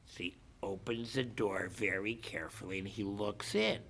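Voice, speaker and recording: A man giving a rabbi's lecture, telling stories and acting out the characters, with frequent restarts and sudden shouts. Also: fairly low pitch, moderate pace, creaky, hardly any pauses, a little hiss or hum. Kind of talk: animated storytelling lecture.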